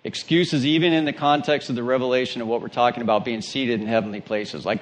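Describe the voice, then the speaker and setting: A man's voice: medium pitch, fairly even intonation, fast talker, few pauses, slight background noise. A male pastor with a Southern twang, reading scripture and preaching an emphatic sermon that asks questions of the congregation.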